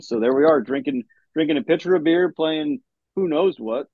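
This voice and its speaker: A man, a military veteran, telling profane, animated stories about his old unit in casual chat over a dull, lo-fi call. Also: a little high, moderate pace, no room sound. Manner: animated, profane, laughing storyteller. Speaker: veteran guest. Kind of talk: casual storytelling.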